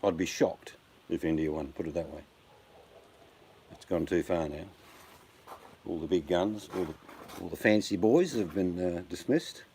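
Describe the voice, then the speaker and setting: A man's voice: sits low, measured pace, long pauses, a little mellow. An older Australian man chatting casually on a live stream, blunt and joking, addressing his viewers by name. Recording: faint background noise.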